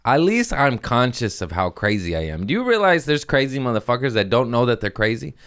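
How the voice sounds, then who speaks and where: A man's voice: mid-range voice, big pitch swings, a little fast, fairly bright tone, clean tone. A young adult man hosting a comedy podcast, rambling through crude jokes and laughing at himself. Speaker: podcast host. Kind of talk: casual comedic monologue.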